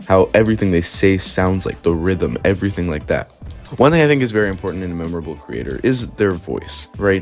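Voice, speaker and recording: Young guy vlogging, deep voice, talks super quick, keeps saying like and right. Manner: quick, chatty, frequent "right?" and "like". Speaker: YouTuber. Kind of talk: casual commentary video.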